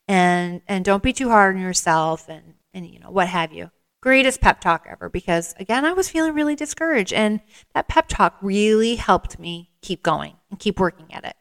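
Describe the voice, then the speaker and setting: A woman from the American Midwest hosts her own podcast in a loose, chatty monologue. She rambles candidly and jokes at her own expense. Her voice is smooth and resonant at a middle pitch. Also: a bit bright. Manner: chatty, rambling, candid and self-deprecating, acts out quoted people in livelier voices. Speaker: podcast host. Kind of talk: casual storytelling monologue.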